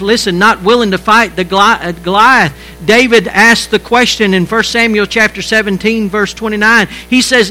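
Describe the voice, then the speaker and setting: A man preaching a sermon as pastor, halting and repeating words, shifting between quiet stretches and emphatic lines. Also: sits high, a little hiss or hum, rough recording.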